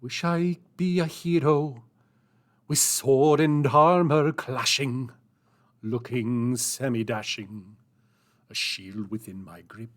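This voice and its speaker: A man singing a musical number in a put-on mock Scottish accent, loud and theatrical. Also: medium pitch, fairly even intonation, takes it slowly. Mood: boisterous. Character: swaggering Scottish-style male singer.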